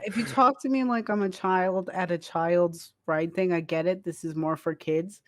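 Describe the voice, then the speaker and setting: A man's voice: high-pitched, steady tone, normal speed, fairly bright tone, dry recording, studio quality. A man co-hosting a casual comedy podcast, telling rambling, self-mocking stories with plenty of swearing. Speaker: podcast co-host.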